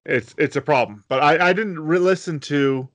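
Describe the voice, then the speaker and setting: A man's voice: on the high side, moderate pace, a bit bright, no echo. A man co-hosting a podcast, explaining at length in casual chat and acting out quoted lines. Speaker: podcast co-host.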